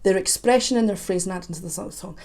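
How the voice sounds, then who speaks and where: A woman's voice: medium pitch, darkish tone. Chatty woman vocal coach reacting. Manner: analytical, breaks off to sing snippets; chatty, quick asides. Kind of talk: reaction video commentary.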